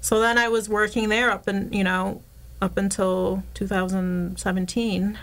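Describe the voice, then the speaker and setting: A woman talks through a personal story in a relaxed, conversational way. She leans on fillers like "like" and "you know" and slips into lively quoted dialogue, her voice lifting as she plays the people in the story. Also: a little slow, poor audio. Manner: animated, acts out quoted dialogue with rising pitch. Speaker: interview guest.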